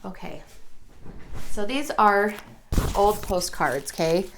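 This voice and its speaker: A woman's voice: medium pitch, lively intonation, takes it slowly, slight background noise. A woman hosting a casual crafting tutorial, chatty and gushing, easily moved by what she shows. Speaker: crafting video host.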